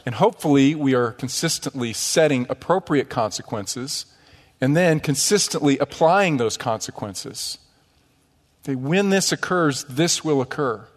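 Lively male pastor in a reverberant church. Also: mid-range voice, unhurried. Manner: lively, conversational preaching with humor. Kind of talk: sermon. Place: church sanctuary.

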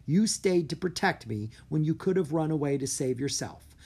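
A storybook narrator voicing a calm, clever young girl. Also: mid-range voice, normal speed, slightly rough. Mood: earnest. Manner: urgent when warning.

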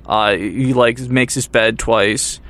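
A man's voice: mid-range voice, steady tone, slow pace, a bit bright. A young man telling a story in casual podcast chat, acting out what people said, laughing often and swearing freely. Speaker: podcast co-host.

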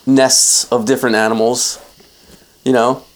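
A man's voice: medium pitch, little pitch movement, unhurried. A young man casually improvising a cartoon plot with a co-host, rambling and laughing as he goes. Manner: rambling, laughing, frequent restarts. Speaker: podcast co-host.

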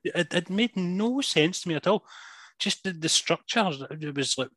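A man's voice: sits high, animated, normal speed, a bit bright, no room sound. A Scottish man co-hosting a casual film review chat, blunt and sweary, often restarting his sentences. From Scotland. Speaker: film podcast co-host.

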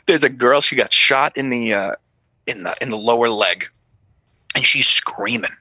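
A man's voice: mid-range voice, normal speed, breathy edge, no room sound. A man, a former police officer telling stories in a casual podcast chat, swearing freely and acting out the voices in his stories. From New York. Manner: profane, animated, acts out dialogue.

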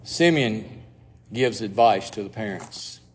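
A man preaching a sermon as pastor, slow and reflective, sometimes dropping almost to a whisper. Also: lowish voice, expressive, in a large hall.

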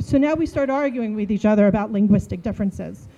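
A woman in her forties from New Jersey, telling a funny story in a casual, animated way and acting out the dialogue. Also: on the high side, fast talker, few pauses, poor audio. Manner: animated, acts out dialogue, laughs while telling.

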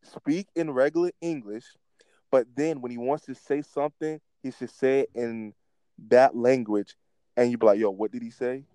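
A young man co-hosting a casual wrestling chat, talking in an animated, rambling way with restarts. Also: mid-range voice, moderate pace, clean tone, no echo, rough recording. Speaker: podcast co-host.

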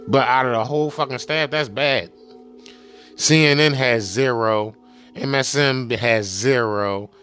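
Over background music, a man rambles on casually and profanely, his monologue crowded with filler words and asides he keeps repeating. His voice sits at a medium pitch, a touch bright, and he speaks a little slowly.

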